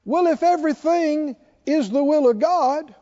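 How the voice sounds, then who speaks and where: Preaching in a church sanctuary, this pastor has a very high, mellow voice and moves a little slowly. He leads a call-and-response sermon, asking the congregation to respond to him. The audio is dull and lo-fi, with the echo of a large hall.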